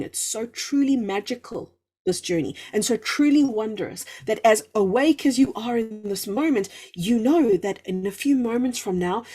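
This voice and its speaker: Breathy woman giving an effusive spiritual talk. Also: on the high side, animated, a little mellow. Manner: effusive and encouraging, drawn-out emphatic words. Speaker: spiritual livestream host. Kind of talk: live spiritual talk reading chat comments.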